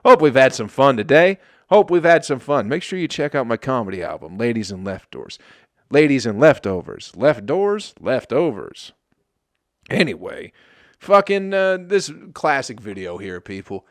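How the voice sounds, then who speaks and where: A man's voice: medium pitch, sing-song, moderate pace, no echo. A male comedian from Michigan hosting his podcast in a casual, sarcastic monologue, swearing often and laughing at his own jokes. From Flint, Michigan.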